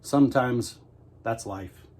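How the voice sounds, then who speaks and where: A man's voice: medium pitch, takes it slowly, a little mellow. A middle-aged man giving a casual, joking baking demonstration in his home kitchen, talking the viewer through each step in a folksy, self-mocking way. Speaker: homestead cooking host.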